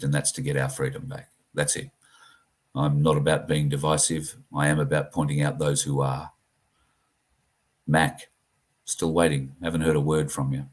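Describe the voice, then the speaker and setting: A middle-aged Australian man with a very deep, rough-edged voice speaks straight to his viewers on a livestream. He talks earnestly and plainly, stopping and starting with ums and uhs as he goes. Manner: earnest, plain-spoken, halting with many fillers. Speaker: livestream host. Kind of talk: casual livestream talk to viewers.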